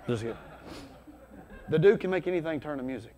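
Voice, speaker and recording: A man with a somewhat high voice preaches with energy, talking to his congregation like friends and breaking into loud bursts. His voice rings with the long reverb of a church hall. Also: lively intonation, fast talker. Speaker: pastor. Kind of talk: sermon.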